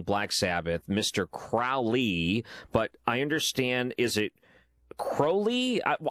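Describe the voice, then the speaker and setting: A man's voice: lowish voice, fairly bright tone, dry recording, studio quality. A man hosting a late-night radio talk show, chatting loosely with restarts from his home office. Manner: conversational, stumbling restarts, laughs easily.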